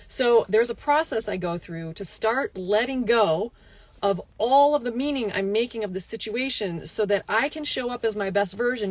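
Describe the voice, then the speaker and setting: Animated woman telling a coaching story. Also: on the high side. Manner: animated storytelling, frequent "right?" asides and laughs. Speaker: health coach. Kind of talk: motivational talk to camera.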